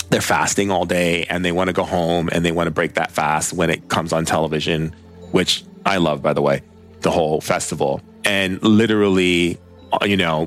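A man with a low, slightly bright voice tells stories in a casual, rambling, conversational way, packing his speech with filler words. He speaks as a spiritual teacher.

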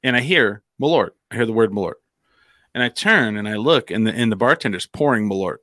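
Rambling, animated man telling a bar story. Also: fairly low pitch, brisk, dry recording, studio quality. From New Mexico. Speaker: podcast host. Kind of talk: casual storytelling.

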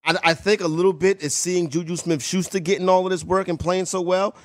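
A man's voice: high-pitched, fairly even intonation, a little fast. A man hosting a sports radio show, chatting casually with loose, enthusiastic banter. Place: radio studio.

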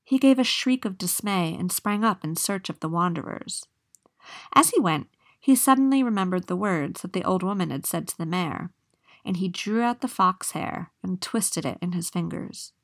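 A woman reading a fairy tale aloud in a steady, measured way. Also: on the low side. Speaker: storyteller.

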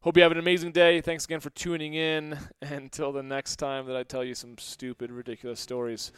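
A middle-aged man hosting a podcast, telling funny stories in a casual monologue and acting out quotes in a higher voice, laughing often. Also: fairly quick, clear, resonant tone, no room sound, studio quality. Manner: animated, acts out quotes with raised pitch, laughs often. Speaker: podcast host.

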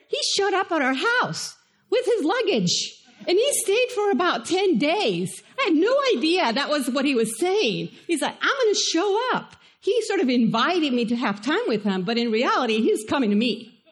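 A woman pastor with a Spanish accent, preaching a sermon in a conversational, animated way and asking the listeners questions. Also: high-pitched, normal speed. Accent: Spanish-accented English.

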